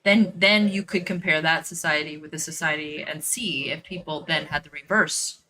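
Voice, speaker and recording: A woman's voice: sits low, normal speed, a crowd in the background, rough recording. A woman who works as a dog trainer, chatting casually and thinking aloud while she plays a game, with lots of "like" and "you know" fillers. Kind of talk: casual chat while gaming.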